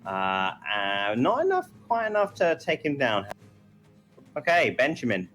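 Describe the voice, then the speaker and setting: A man's voice: mid-range voice, big pitch swings, measured pace, fairly bright tone, faint music behind, low-quality recording. A man narrating a tabletop game as game master, in a meandering way with many fillers.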